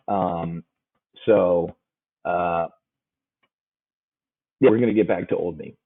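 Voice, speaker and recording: A man's voice: lowish voice, slightly rough. Brash man on a tinny line. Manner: brash, excitable, self-congratulating, quick asides. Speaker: options trading show host. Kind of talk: live market commentary to viewers. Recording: phone-like narrow sound.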